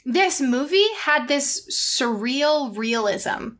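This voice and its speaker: A woman's voice: sits high, slow. A woman co-hosting a casual podcast, talking animatedly and acting out lines from a film. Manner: animated, acts out quotes in raised voice. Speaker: podcast co-host. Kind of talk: casual chat.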